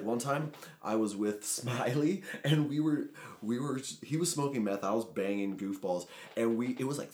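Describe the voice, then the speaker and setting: A man chatting casually on a podcast, telling animated stories with laughs. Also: lowish voice. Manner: animated storytelling with shouted quotes and laughs. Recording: echoey room.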